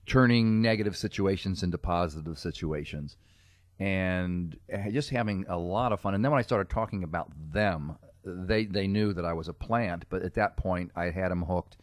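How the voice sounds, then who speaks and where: A deep-voiced man from Cincinnati, USA, a comedic guest and character performer, tells stories on a casual podcast. He laughs often and pokes fun at himself, speaking at normal speed in clean studio sound with no echo.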